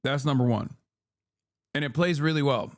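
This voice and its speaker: A streamer host with a mid-range voice talks at a normal speed, delivering blunt, profane political commentary in casual chat. He is opinionated and leans on fillers such as "like" and "okay?".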